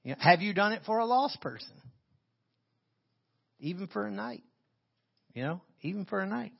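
A man preaching a sermon as pastor. He reads scripture and comments on it with animated emphasis into a handheld microphone. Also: high voice, normal speed, creaky, highs cut off.

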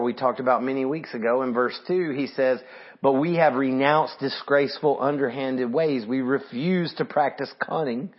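Husky middle-aged man preaching. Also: medium pitch, highs cut off. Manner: conversational teaching with scripture readings. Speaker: pastor. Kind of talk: sermon.

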